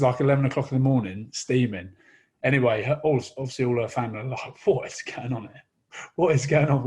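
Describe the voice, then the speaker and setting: A husky-voiced Englishman in his thirties spins a rowdy anecdote with animated energy. His voice sits at an ordinary pitch with a rough, breathy edge, and he is quick to break into laughter. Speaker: guest, rugby player. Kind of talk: casual storytelling chat.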